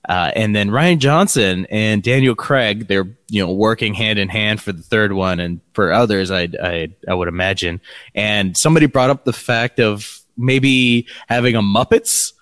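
A man's voice: on the low side, normal speed, fairly bright tone, dry recording. A man co-hosting a podcast, chatting casually and rambling with many fillers. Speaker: podcast co-host. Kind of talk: casual chat.

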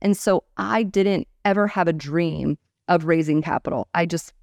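A woman's voice: on the low side, normal speed, gravelly, hardly any pauses, no echo, clean studio sound. A woman in her thirties, a startup founder telling stories in a candid interview, acting out the people she quotes. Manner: animated storyteller, acts out quoted people.

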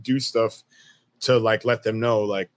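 Laid-back, profane American army veteran. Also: male voice, lowish voice, little pitch movement, measured pace, no room sound. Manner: laid-back, profane, laughs while telling stories. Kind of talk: casual storytelling interview.

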